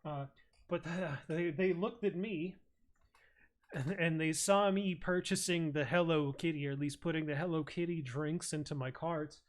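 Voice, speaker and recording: A man's voice: fairly high pitch, normal speed. A man streaming, telling a rambling, crude and absurd comic story full of swearing. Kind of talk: casual comedic rant.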